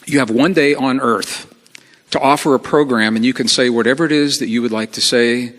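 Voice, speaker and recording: A middle-aged man telling a personal story to a live audience, acting out the dialogue with lively energy. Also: mid-range voice, fairly quick. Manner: animated, acts out quoted dialogue. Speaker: speaker. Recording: long hall reverb.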